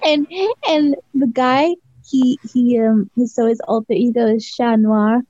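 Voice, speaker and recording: A woman's voice: a little high, fairly even intonation, measured pace, warm tone, no echo. A woman co-hosting a podcast in casual chat, rambling with lots of "like" and frequent laughs. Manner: rambling, heavy use of "like", laughs often. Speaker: podcast co-host. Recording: slightly dull lo-fi sound.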